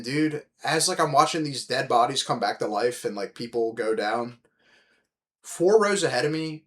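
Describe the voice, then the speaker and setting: Brief: podcast host, man, loose animated storyteller, heavy swearing, average pitch. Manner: animated, profane, rambling with many "like" fillers. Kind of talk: casual storytelling chat.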